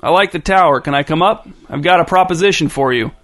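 A man's voice: a little high, fast, a bit bright, lightly acted. A man voicing a brash middle-aged male radio host who talks eagerly, like a salesman. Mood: pushy.

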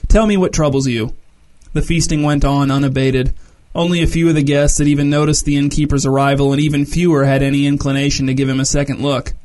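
A man reading a story aloud as narrator, measured and descriptive. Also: on the high side, level tone, darkish tone.

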